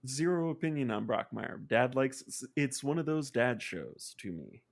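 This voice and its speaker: Male podcast guest with a gravelly voice, sarcastic, rambles and restarts. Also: medium pitch, very animated, normal speed. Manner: sarcastic, rambling, self-interrupting. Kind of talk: casual podcast chat.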